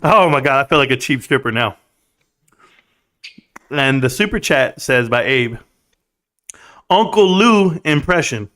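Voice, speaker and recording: A man's voice: medium pitch, lively intonation, normal speed, long pauses, pushed and bright. A young man hosting a casual livestream, joking crudely, laughing often and calling people bro. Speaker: livestream host.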